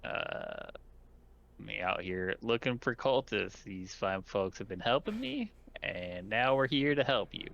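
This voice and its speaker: Slow, gravelly male player, low voice, dull lo-fi call audio. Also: sing-song, a bit bright. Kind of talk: in-character chat in a tabletop game.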